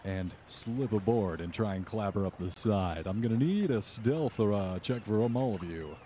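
A young man narrating as game master, relaxed and halting, with many fillers. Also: fairly low pitch, slight background noise.

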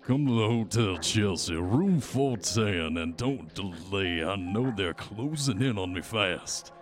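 A man's voice: fairly low pitch, expressive, takes it slowly, soft background music. A man voicing a paranoid, urgent man in hiding in a tabletop game. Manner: urgent, secretive.

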